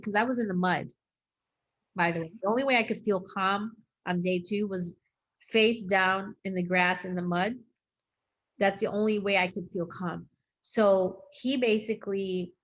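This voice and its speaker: A woman hosting an interview, telling her own story in a loose, rambling way with lots of fillers and acted-out quotes. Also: medium pitch. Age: adult with a young daughter. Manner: rambling, heavy use of "like" and "um"; acts out quoted dialogue. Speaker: host sharing her own experience.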